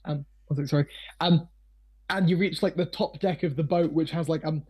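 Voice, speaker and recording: A high-pitched man runs a tabletop game with loose, rambling narration. He swears freely, laughs often and fills every gap with fillers. His voice sounds slightly hoarse. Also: steady tone, moderate pace, a little mellow. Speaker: game master.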